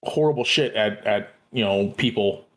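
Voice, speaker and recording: A man's voice: lowish voice, normal speed, fairly bright tone. A man co-hosting a podcast, talking casually and earnestly with frequent hesitations and restarts. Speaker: podcast co-host. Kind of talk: casual chat.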